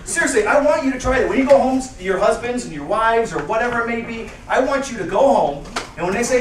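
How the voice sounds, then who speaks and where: A man giving a motivational keynote speech to a live audience, energetic and acting out bits of dialogue. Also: very high voice, fast talker. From United States. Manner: energetic, acts out dialogue in voices. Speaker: motivational speaker. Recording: echoey room from far off, noisy.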